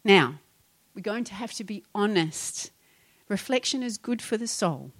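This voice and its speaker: A woman's voice: mid-range voice, animated, unhurried. A middle-aged woman preaching a sermon, exhorting her congregation with rhetorical questions. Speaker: pastor.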